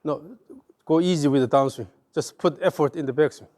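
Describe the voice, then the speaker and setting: A man's voice: a little high, a little fast, mellow. A man with a Korean accent giving hands-on golf swing coaching, repeating short cues in rhythm as his student swings.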